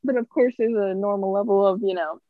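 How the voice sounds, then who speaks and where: A woman's voice: mid-range voice, a little fast, no echo. Blunt, teasing young woman co-host. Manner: blunt teasing, swears casually. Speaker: podcast co-host. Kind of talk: casual chat. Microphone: video call. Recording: dull, dry lo-fi call audio.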